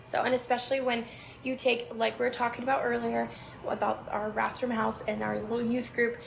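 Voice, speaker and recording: A woman's voice: on the high side, little pitch movement, a little fast, vocal fry, music in the background, low-quality recording. A woman who owns a restaurant, a podcast guest talking casually, self-deprecating and heartfelt, often giggling. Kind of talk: casual interview chat.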